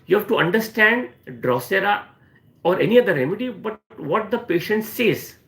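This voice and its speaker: An Indian man gives a live online lesson on remedies. His slightly high voice carries a gravelly edge, and he often stops on "you know" and says his points twice. The sound is echoey, like a bare room. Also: animated, moderate pace, fairly bright tone. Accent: Indian English. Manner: repeats key phrases, frequent "you know" fillers. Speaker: homeopathy doctor. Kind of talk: live-stream teaching Q&A.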